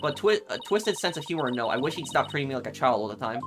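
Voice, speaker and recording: A man's voice: mid-range voice, sing-song, quick pace, background noise. A man hosting a video game playthrough, chatting casually to viewers with lots of fillers. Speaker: let's play host. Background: game music.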